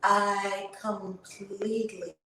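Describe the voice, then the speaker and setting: A woman hosting her channel, leading a guided tapping session with slow, drawn-out chanted affirmations that turn breathy and emphatic. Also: medium pitch, flat delivery, bright, forceful tone. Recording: echoey room, distant mic, faint noise.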